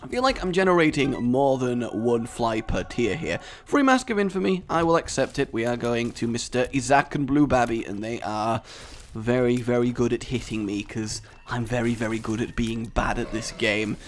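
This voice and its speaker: A man giving sarcastic, self-mocking commentary over a game he is playing. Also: normal speed. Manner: sarcastic and self-mocking, jumping into high squeaky bits. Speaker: gaming commentator. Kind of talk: let's-play commentary.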